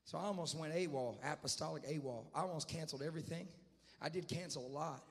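A man preaching a sermon as a traveling evangelist, telling a story quietly and then rising to loud shouted climaxes. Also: a little high, quick pace, creaky, long reverb tail. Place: church sanctuary.

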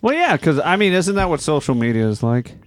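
A man chatting casually, halting and restarting his sentences. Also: fairly high pitch, sing-song, no room sound. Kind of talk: casual banter.

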